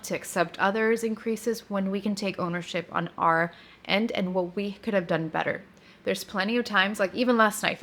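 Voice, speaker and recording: A woman in her thirties hosting a podcast, telling a personal story in a candid, confessional way and acting out her own quotes with energy. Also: mid-range voice. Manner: candid, confessional, animated retelling. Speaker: podcast host.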